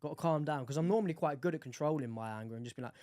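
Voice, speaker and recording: A young man co-hosting a podcast in casual chat, swearing freely and telling animated stories. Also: mid-range voice, rapid-fire, dry recording, studio quality. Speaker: podcast co-host.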